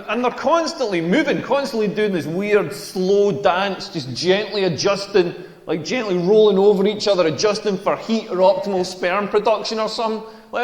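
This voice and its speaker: High-voiced Scottish comedian in his forties. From rural Scotland. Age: 40s. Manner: wry, self-mocking, laughs through lines. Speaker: stand-up comedian. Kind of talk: stand-up comedy set. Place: comedy club stage. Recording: echoey live venue with reverb.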